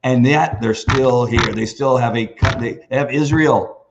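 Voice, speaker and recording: A man's voice: mid-range voice, unhurried, lo-fi sound, background noise. A man hosting a live video stream, talking off the cuff in a rambling, emphatic way with lots of restarts. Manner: animated, emphatic. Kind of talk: off-the-cuff livestream monologue.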